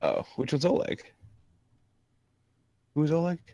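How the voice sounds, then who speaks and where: A man chatting casually as a player in a tabletop game, asking quick questions. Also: on the high side, huge pitch swings, vocal fry, warm tone, no room sound, muffled recording.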